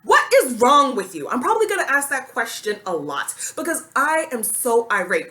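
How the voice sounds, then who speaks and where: Lively, indignant woman vlogger. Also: on the high side, normal speed, few pauses. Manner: indignant, blunt, slangy. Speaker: commentary vlogger. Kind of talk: casual commentary vlog.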